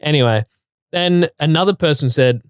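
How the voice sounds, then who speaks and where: A man with a fairly high voice recounts a listener's story in a casual chat show. He tells it animatedly, piling on detail. The sound is close and dry. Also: moderate pace, clear, resonant tone, dry recording. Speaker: co-host.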